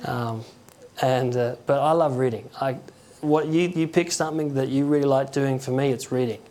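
Aussie guy giving a relaxed chatty sermon, stops and restarts a lot, mid pitch. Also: slight background noise. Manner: conversational, halting, with chuckles and acted quotes. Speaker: preacher. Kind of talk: informal sermon.

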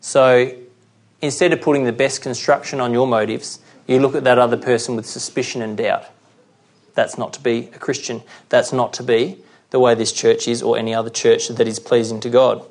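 A man's voice: medium pitch, flat delivery. Conversational male preacher giving a sermon. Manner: conversational, checks in with "okay?"; reads scripture slowly.

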